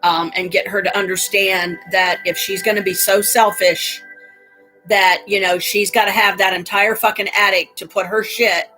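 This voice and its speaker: Middle-aged woman, fed-up streamer, profane and ranting, average pitch, soft music under her. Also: flat delivery, normal speed, low-quality recording. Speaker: livestreamer. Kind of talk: casual venting livestream.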